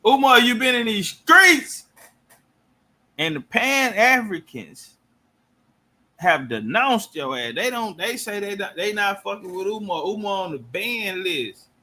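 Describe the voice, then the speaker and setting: A man's voice: high-pitched, animated, measured pace, bright, forceful tone. A man giving loose, profane reaction commentary and telling stories.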